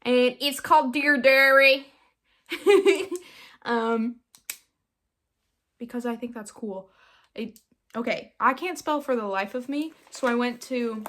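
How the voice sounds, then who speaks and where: A woman's voice: a little high, lively intonation, a little slow, a bit bright. A young woman from Utah hosting a casual solo podcast from her bedroom, chatty and self-mocking, slipping into silly voices now and then. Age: young adult. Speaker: podcast host.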